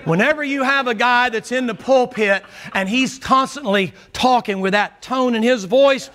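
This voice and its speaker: A man, a pastor preaching a folksy, joking sermon that swings between loud and low. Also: normal speed.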